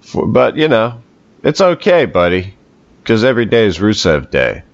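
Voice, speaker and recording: Deep guy chatting wrestling, upbeat, laughs a lot, dry muffled mic. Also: very animated, normal speed, no echo. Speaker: podcast co-host. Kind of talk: casual wrestling chat.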